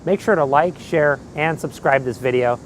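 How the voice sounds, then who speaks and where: A man's voice: a little high, moderate pace, a little hiss or hum. A man hosting an interview show, upbeat and thanking his guest and viewers. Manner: upbeat, short affirmations. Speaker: interview host. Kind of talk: casual interview.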